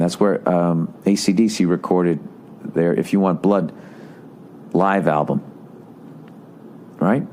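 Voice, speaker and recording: Boston guy in his 40s ranting on his podcast, swears a lot, sarcastic, reading emails out loud, bit of hiss behind him. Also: low voice. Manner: profane, sarcastic, animated ranting; reads listener emails aloud with running commentary. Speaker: podcast host. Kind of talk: rambling comedic monologue.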